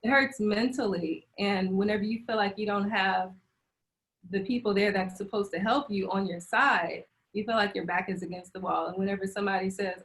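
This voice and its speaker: A woman's voice: mid-range voice, steady tone, normal speed, fairly bright tone. A woman speaking candidly and emotionally as a panel guest, telling a personal story with frequent laughs and restarts over a video call. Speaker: panel guest sharing birth experience.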